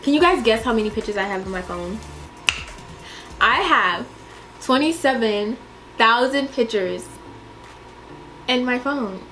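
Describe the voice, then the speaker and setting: Young female vlogger, dramatic and expressive, casual Q&A, slightly high pitch, light music bed. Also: a little slow, pauses often. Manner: animated and dramatic, laughs often, swears. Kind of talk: casual Q&A vlog.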